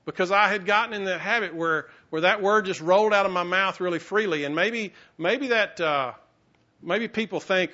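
A man preaching a sermon as pastor in a conversational, halting way, with many restarts and fillers. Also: sits high, sharp tone, lo-fi sound.

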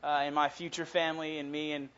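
Upbeat young pastor preaching. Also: male voice, a little high, fast. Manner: energetic, enthusiastic, chatty. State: out of breath. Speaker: college pastor. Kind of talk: sermon with scripture reading. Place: church sanctuary. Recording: dull lo-fi sound.

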